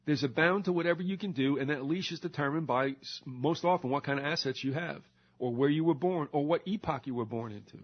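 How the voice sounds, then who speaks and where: A man's voice: fairly high pitch, brisk. An older American man hosting a show, ranting sarcastically and mocking politicians in put-on voices. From United States. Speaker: radio show host. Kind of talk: ranting monologue. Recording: slightly dull lo-fi recording.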